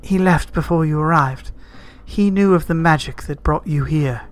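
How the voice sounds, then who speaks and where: A man's voice: a little high, normal speed, close to an everyday voice. Morgan, a demure fairy sorceress, voiced by a man. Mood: polite. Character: young woman, soft-spoken fairy sorceress. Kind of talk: storybook reading.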